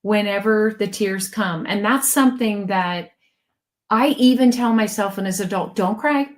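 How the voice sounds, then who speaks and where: A middle-aged woman co-hosting a podcast interview, talking in an effusive, emotional and lively way. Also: medium pitch, normal speed. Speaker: podcast co-host. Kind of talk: casual interview chat.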